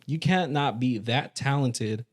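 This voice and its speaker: Male podcast co-host, mid-pitched, loud profane ranter, casual sports talk. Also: unhurried. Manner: profane, ranting, emphatic.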